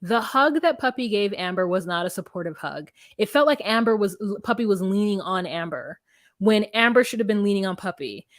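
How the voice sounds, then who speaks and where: A woman's voice: medium pitch, animated, a little fast, no room sound, studio quality. A young woman co-hosting a podcast, recapping a reality show in casual, candid chat and acting out people's lines. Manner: candid, profane, quotes people in voices. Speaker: podcast co-host.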